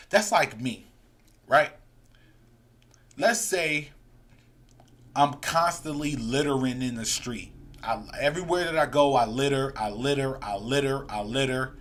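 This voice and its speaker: A man's voice: a little high, fairly bright tone. A man hosting a live sports fan stream, ranting heatedly and reading viewer comments aloud. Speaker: podcast host.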